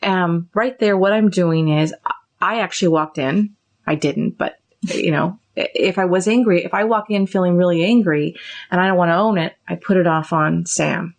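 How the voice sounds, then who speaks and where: A middle-aged woman therapist hosting a podcast, explaining ideas casually and acting out little example dialogues. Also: normal speed. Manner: animated, acts out example dialogues with raised pitch.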